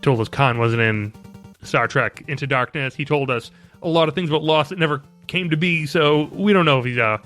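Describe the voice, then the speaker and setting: Upbeat, excitable male podcast host. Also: fairly high pitch, brisk, soft background music. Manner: upbeat, laughs often. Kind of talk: casual chat.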